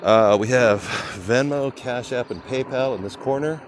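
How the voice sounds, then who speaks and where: A man's voice: medium pitch, normal speed, slight background noise. An older man from California hosting a casual livestream while walking city streets, rambling and chatting with viewers. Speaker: livestream host.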